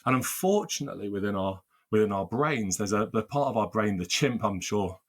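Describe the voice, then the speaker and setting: With a fairly low, animated voice and a slightly fast pace, a workplace mediator earnestly responds to interview questions, restarting often with repeated words and building up phrase lists.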